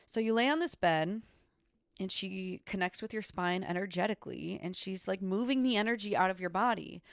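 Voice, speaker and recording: Solo woman podcaster: gravelly, fry-heavy voice, casual and profane, dry close sound. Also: mid-range voice, moderate pace, no echo. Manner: emphatic, swears often, leans on "like" and "okay". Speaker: podcast host. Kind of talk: candid solo podcast chat.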